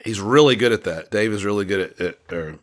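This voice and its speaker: A man with a fairly low voice talks excitedly about a song, tripping over his words and restarting often. It is a relaxed, casual chat with a friend. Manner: enthusiastic, halting, lots of fillers and restarts. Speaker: podcast co-host reviewing an album. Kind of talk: casual music discussion.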